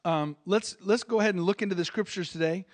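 High-voiced man preaching a sermon. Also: fast. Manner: emphatic, calls for amens, repeats his starts. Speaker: visiting preacher. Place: church.

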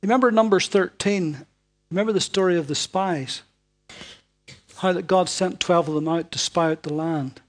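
A man preaching a sermon in a dramatic way, moving from loud, emphatic lines down to hushed, almost whispered ones. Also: high voice, moderate pace.

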